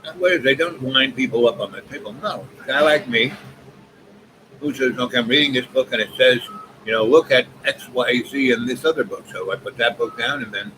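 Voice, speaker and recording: A man's voice: mid-range voice, brisk. A man in his seventies rambling through a long personal story with many asides. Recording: noisy background ambience.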